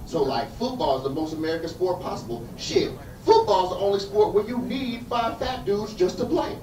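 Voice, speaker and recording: A man's voice: high voice, big pitch swings, moderate pace, warm tone, slight background noise. A man doing a loose, profane stand-up comedy set at a backyard show, with the audience laughing. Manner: loose, profane, riffing storyteller. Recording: roomy, distant live recording.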